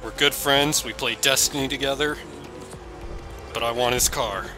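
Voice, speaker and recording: A man giving excitable, jokey gameplay commentary, yelping and shouting whenever he crashes. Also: medium pitch, moderate pace, music in the background. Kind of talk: let's play commentary.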